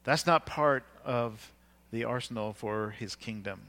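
A man preaches in an easy, conversational way, at an ordinary middle pitch. He retells the scripture in plain everyday words, pausing on fillers and restarting his sentences as he goes. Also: fairly bright tone. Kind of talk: sermon.

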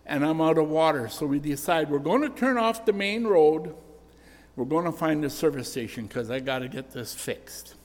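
A man's voice: on the high side, expressive, normal speed. An older man preaching a sermon, telling personal stories in an earnest, storytelling way. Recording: echoey church hall reverb.

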